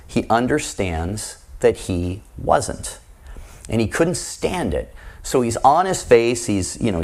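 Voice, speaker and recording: A man preaching a sermon in a conversational way, asking his listeners rhetorical questions and acting out the voices he quotes. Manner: acts out quoted voices with shifts in pitch and loudness.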